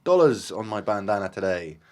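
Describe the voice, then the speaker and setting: A man's voice: fairly low pitch, very animated, a little fast, a little mellow. A man hosting a podcast, chatting casually, giggling and fumbling his words. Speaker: podcast host. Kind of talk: casual chat.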